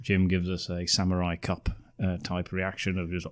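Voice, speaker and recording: A man with a notably low voice co-hosts a podcast. He talks casually about a film, dry and sardonic, often breaking into laughter. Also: completely flat delivery, moderate pace. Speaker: podcast co-host. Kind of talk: casual chat reviewing a film.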